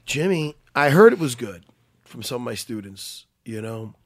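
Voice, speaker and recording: A podcast co-host chatting casually about sports, excitable and prone to getting loud when hyped, often breaking in with "listen.". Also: male voice, mid-range voice, normal speed, no room sound, studio quality. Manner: repeats "listen" to take the floor.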